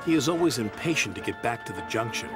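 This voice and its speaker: Lively male children's story narrator. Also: medium pitch, fast. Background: loud background music.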